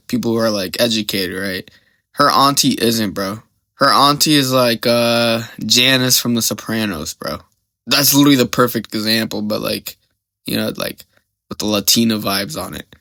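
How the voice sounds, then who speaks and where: A man's voice: fairly low pitch, moderate pace, pushed and bright, no room sound. A young man hosting a podcast, telling a story in a rambling, slang-heavy way and often getting sidetracked. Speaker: podcast host.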